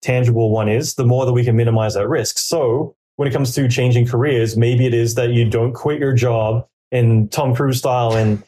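Mellow-voiced man rambling through advice. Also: medium pitch, fairly even intonation, moderate pace, few pauses. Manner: rambling, filler-heavy, acts out quoted inner dialogue. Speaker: podcaster giving career advice. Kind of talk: casual conversational interview.

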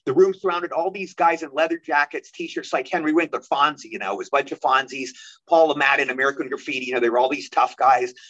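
A man telling stories as an interview guest, lively and quick, acting out the voices of the people he quotes. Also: mid-range voice, lo-fi sound. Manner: animated, rapid storyteller who acts out quoted voices. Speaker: guest actor. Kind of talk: storytelling interview.

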